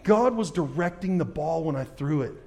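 A man, a former pitcher, giving a faith testimony talk to a live audience as an emphatic storyteller who questions the crowd directly, swinging from low, quiet moments to loud, fired-up ones. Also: expressive, normal speed.

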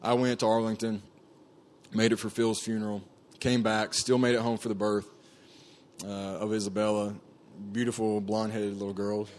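A man's voice: on the low side, level tone, normal speed, darkish tone, a little hiss or hum. A man telling his personal testimony to a group in an earnest, conversational way, with frequent fillers and restarts. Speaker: camp staff speaker sharing his testimony.

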